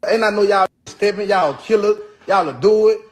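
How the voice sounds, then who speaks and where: A man's voice: high voice, moderate pace. A man in a played clip, ranting defiantly and repeating himself, tacking "boy" onto his lines. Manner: repetitive, defiant, keeps saying "boy". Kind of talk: heated ranting monologue.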